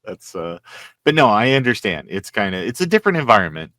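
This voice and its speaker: A man's voice: fairly low pitch, very animated, bright, forceful tone, no echo. A man hosting an interview, chatty and joking with his guest. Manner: chatty, joking asides, quick laughs. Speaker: interview host. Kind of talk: casual interview.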